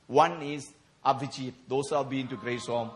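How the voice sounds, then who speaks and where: A man's voice: medium pitch, fairly even intonation, moderate pace, crowd noise. A man preaching a sermon in a church, telling his story with emotion, laughs and sudden outbursts. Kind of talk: sermon at a prayer meeting.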